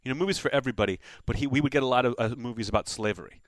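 Male comic co-host, rapid rambling riffs, dry close mic. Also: mid-range voice, no echo. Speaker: podcast co-host. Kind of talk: casual comedic chat.

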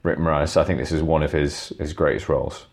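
A man's voice: rumbling low, fairly even intonation, fast, gravelly. A man co-hosting a casual, joking film-review podcast. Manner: chatty, joking, with frequent restarts. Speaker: podcast co-host.

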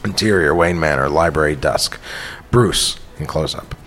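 A man hosting a podcast, reading a screenplay aloud with deadpan, profane asides. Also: a bass voice, normal speed. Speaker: podcast host. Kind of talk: script read-through with banter.

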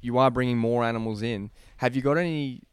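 Guy hosting a podcast, smooth clear voice, chill rambly questions, dry sound. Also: mid-range voice, steady tone, a little fast, no room sound. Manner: easygoing, hesitant questions with restarts. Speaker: podcast host. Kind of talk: casual interview.

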